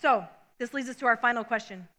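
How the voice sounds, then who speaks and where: A woman preaching with a high, bright voice, telling a family story with lots of energy. She acts out the people in the story, jumping up into loud, high shouts. Her delivery is expressive and storytelling-driven. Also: fast talker. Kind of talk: sermon with storytelling.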